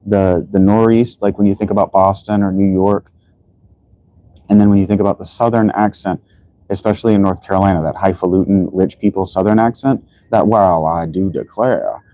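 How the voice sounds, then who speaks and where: A man's voice: fairly low pitch, dark tone, dry recording, low-quality recording. A man from the United States hosting a livestream, lecturing in a rambling way with many restarts and fillers. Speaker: livestream host. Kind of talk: casual livestream monologue.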